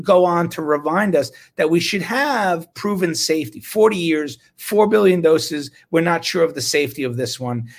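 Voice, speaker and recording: Sarcastic, husky-voiced man. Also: fairly high pitch. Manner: sarcastic, indignant, with laughs. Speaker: physician speaking on medical research. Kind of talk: impassioned talk.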